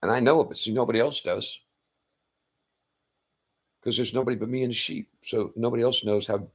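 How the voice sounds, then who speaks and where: A man retelling an old story in casual, animated talk, with loud sound-effect outbursts and blunt profanity. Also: mid-range voice. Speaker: self-styled faith speaker.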